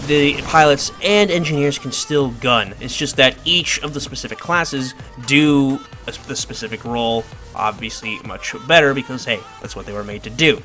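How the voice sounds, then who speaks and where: A man's voice: mid-range voice, sharp tone. A man casually explaining a video game in a rambling, self-joking tutorial commentary. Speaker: gaming video creator. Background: faint background music.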